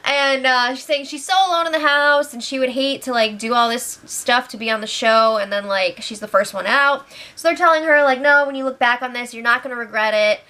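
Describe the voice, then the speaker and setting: A young woman giving a casual spoiler recap from home, chatty, laughing often and quoting people in lively voices. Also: sits high, a little fast. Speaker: reality show recap host. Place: home, with pets nearby.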